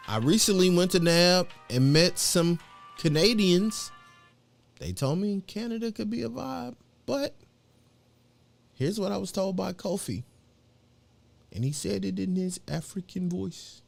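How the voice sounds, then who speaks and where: A middle-aged man hosts a casual live show, rambling in slangy, filler-heavy talk. His voice is gravelly, and his pitch swings widely from low mutters to high asides. Faint music plays behind him. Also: very animated, unhurried, long pauses. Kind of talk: casual livestream chat.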